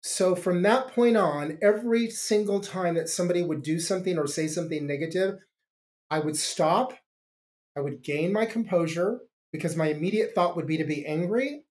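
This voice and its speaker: A man's voice: high voice, darkish tone. Earnest middle-aged man telling his story. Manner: earnest, halting with restarts. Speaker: podcast guest. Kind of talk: reflective storytelling.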